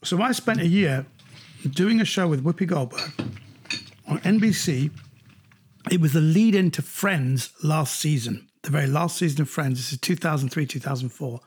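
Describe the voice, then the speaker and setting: A middle-aged man, a comedian, recounting anecdotes in an animated way during an interview. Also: moderate pace, slightly rough. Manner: animated anecdotes, jumps higher when quoting others. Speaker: comedian guest. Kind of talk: storytelling in an interview.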